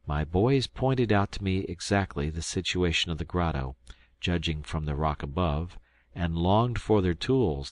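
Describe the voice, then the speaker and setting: A man with a very low, deep voice reads a classic adventure novel aloud in a measured, storytelling way. He is recorded close up on a studio mic, and the sound is completely dry. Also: dry recording. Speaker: audiobook narrator. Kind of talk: scripted narration of a classic novel.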